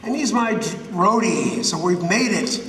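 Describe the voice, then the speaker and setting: A man in his sixties telling animated, profane anecdotes in a casual Q&A. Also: high-pitched, normal speed. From United States. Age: 60s. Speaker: guest musician at a fan Q&A. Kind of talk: casual storytelling. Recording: echoey hall from far off, faint noise.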